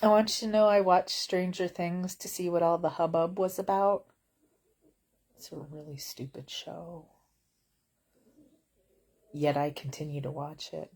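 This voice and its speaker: A woman's voice: sits low, a little mellow, breathy edge. A woman vlogging from bed at home in casual chat, wry and blunt, rambling with lots of fillers.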